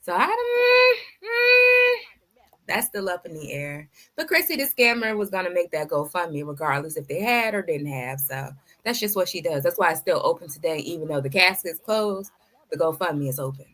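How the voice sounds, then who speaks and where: A woman's voice: lowish voice, animated, brisk, fairly bright tone. A woman hosting a reaction video, giving blunt, sassy commentary full of rhetorical questions. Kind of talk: casual commentary.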